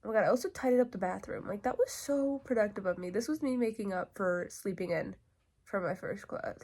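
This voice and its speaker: A young woman talking casually to her camera, chatty and animated, with lots of filler words. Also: medium pitch, fairly quick. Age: young adult. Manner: drops to a hushed whisper. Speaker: vlogger. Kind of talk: casual vlog chat.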